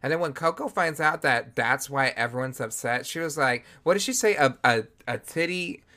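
A man's voice: a little high, moderate pace, sharp tone. A man co-hosting a podcast, chatting casually in a sassy, campy, blunt way while reviewing a show. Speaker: podcast co-host.

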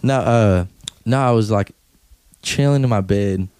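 A man's voice: a little slow, clean tone, no room sound. A man co-hosting a casual comedy podcast, joking, laughing and swearing through the banter. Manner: jokey, laughing, swearing, animated pitch swings. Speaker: podcast co-host. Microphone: podcast microphone.

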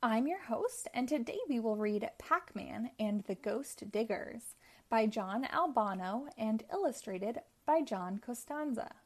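A woman hosting a children's storytime, reading a picture book aloud with slow, clear and expressive narration. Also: fairly high pitch. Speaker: storytime host.

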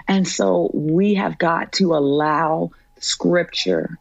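A woman's voice: fairly low pitch, slow, vocal fry, dry recording, lo-fi sound. A woman, a trauma therapist as guest, teaching in a fervent, preacherly way and repeating lines for emphasis. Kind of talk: impassioned sermon-like teaching.

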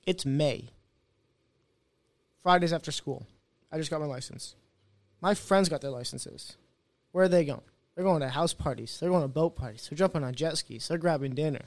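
With a fairly high pitch and a normal speaking speed, a young man recounts his story as a guest in an informal interview, free of room sound. He is lively and imitates the people he quotes.

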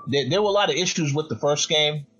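A podcast host in casual chat, his voice husky and slightly breathy. He trips over repeated words and hedges his points. The audio is dull and lo-fi. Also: on the high side, quick pace, a bit bright, soft background music. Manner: stammers on repeated words, hedging.

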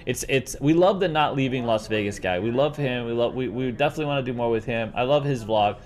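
A man's voice: medium pitch, fast, darkish tone. Man, business owner type, casual podcast chat, rambling and jokey, lots of restarts, middle-range voice. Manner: rambling, joking, with frequent restarts. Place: based in Las Vegas.

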